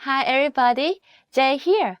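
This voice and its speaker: A woman whose first language is Thai teaches a scripted video lesson, with clear, deliberate delivery that slows down for example words. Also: high voice, soft background music.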